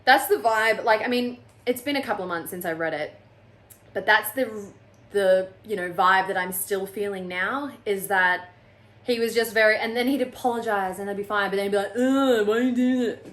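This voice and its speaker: A woman's voice: mid-range voice, normal speed, a bit bright. A woman reviewing a book on her channel in a casual, sarcastic and exasperated way, often mocking the characters.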